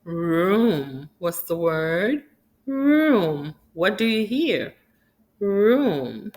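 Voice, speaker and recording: A woman's voice: fairly low pitch, animated, extremely slow. A woman teaching phonics to young children, sounding out letters one at a time and repeating each word. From Haiti.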